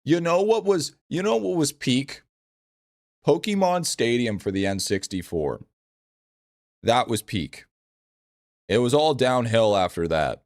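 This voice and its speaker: A man's voice: mid-range voice, sing-song, unhurried, pauses often, darkish tone, no echo, studio quality. A man streaming a game live, chatting casually with viewers in a blunt, profane way and repeating his phrases.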